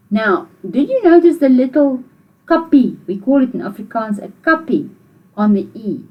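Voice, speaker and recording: Husky, slow-talking South African teacher. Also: female voice, medium pitch, a little mellow, dull audio. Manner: patient, encouraging, repeats phrases slowly for learners. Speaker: Afrikaans language teacher. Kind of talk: video language lesson for children.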